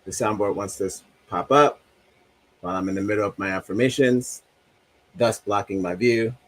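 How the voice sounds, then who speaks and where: A man's voice: on the low side, normal speed. A man hosting a livestream, chatting loosely and joking as he reads viewer comments aloud. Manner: loose, joking, talks to himself about a broken soundboard. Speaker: livestream host. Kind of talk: casual livestream chat reading comments.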